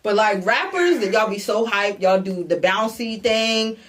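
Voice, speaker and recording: A woman co-hosting a music podcast, giving casual slangy advice to artists in an animated way. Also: medium pitch, unhurried. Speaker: podcast co-host.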